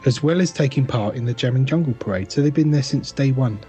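A man's voice: mid-range voice, warm tone. Brief: male co-host, casual and joking, faint music bed. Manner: casual, joking, halting restarts. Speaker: podcast co-host. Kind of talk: casual chat.

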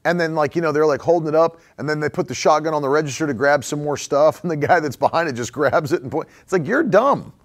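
Man, pastor, casual sermon, slightly high voice, repeats phrases, chuckles a lot. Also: quick pace, hardly any pauses. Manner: conversational, repeats phrases for emphasis; chuckles often while preaching.

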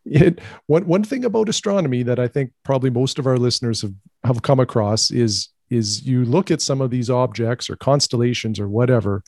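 A man co-hosting a podcast, talking in a measured, thoughtful casual way. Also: medium pitch, vocal fry, darkish tone, no echo, clean studio sound. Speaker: podcast co-host. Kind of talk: casual chat.

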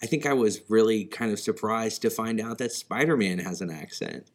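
A man's voice: on the low side, animated, normal speed. A man co-hosting a film podcast, talking casually with hesitant, rambling sentences full of fillers. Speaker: podcast co-host.

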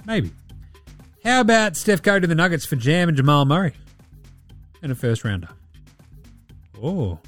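A man with an Australian accent hosting a casual sports podcast, crude, sarcastic and full of swearing. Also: on the high side. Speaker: podcast host.

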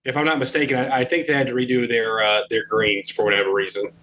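Casting: male podcast co-host, bright husky voice, teasing and chatty. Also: medium pitch, flat delivery, fast talker. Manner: teasing, conversational. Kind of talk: casual chat.

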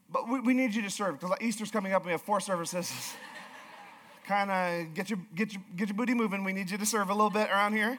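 Pastor guy preaching, really high voice, repeats himself for emphasis. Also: a little fast, a bit bright. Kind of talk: sermon.

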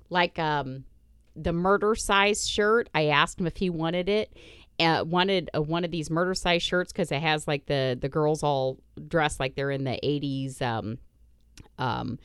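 A woman's voice: low-pitched, clear, resonant tone, dry recording, studio quality. A middle-aged woman hosting a podcast in casual chat, blunt and profane, laughing often. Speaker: podcast host.

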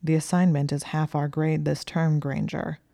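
A woman's voice: low voice, flat delivery, creaky, warm tone, dry recording, studio quality. Woman voicing cold, clipped young man. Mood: cold, curt. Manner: slow, precise, cold, growling. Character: cold, precise young male student.

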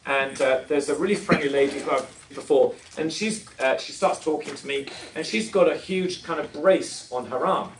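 A man's voice: on the high side, normal speed, hardly any pauses, echoey room. A man giving a preaching talk to a live audience, telling stories with self-deprecating humour and asking the crowd questions. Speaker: conference speaker. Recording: distant mic with faint noise.

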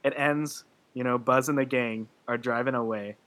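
A man's voice: medium pitch, fairly even intonation, moderate pace, fairly bright tone. A man in casual podcast chat, gushing and emotional, rambling with many fillers and restarts. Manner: gushing about a film, laughing through his words.

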